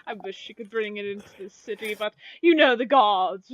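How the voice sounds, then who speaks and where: A woman's voice: medium pitch, moderate pace, natural voice. A woman voicing a giddy, gushing shopkeeper who starts nearly every line with "oh", speaking for a pair of shopkeepers in a tabletop game. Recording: dull lo-fi dry recording.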